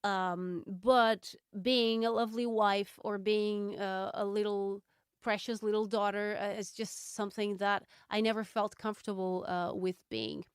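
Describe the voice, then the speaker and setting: A woman hosting a solo podcast, reflecting candidly and thoughtfully, with frequent ums and pauses. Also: mid-range voice, steady tone, clear, resonant tone, dry recording, clean studio sound. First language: Portuguese. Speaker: podcast host.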